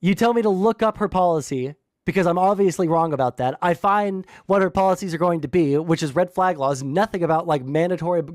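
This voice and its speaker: A man's voice: on the high side, darkish tone, no room sound, studio quality. A young man streaming live, arguing with his chat in an exasperated, rambling way full of fillers and restarts. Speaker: livestream political commentator. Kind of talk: casual livestream rant reading chat.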